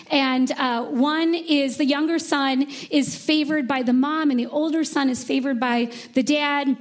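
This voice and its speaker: A woman pastor giving a sermon in a casual, animated way, often asking the audience "right?". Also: high voice.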